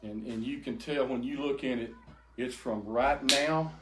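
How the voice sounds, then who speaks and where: Older man, emotional testimony, stumbling repeats, echoey room with faint hiss. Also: mid-range voice. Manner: halting, repeats words, quotes others. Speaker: speaker giving a testimony. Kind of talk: emotional personal testimony to a group.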